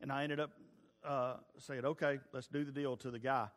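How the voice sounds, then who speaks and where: A man's voice: medium pitch, level tone, normal speed. A man preaching a sermon, telling folksy family stories with stumbling restarts. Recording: long reverb of a large hall.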